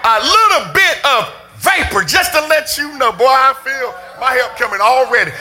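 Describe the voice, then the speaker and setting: A man preaching a sermon as pastor, impassioned and often shouting in a preaching cadence, with colloquial church speech. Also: very high-pitched, lively intonation, moderate pace, few pauses.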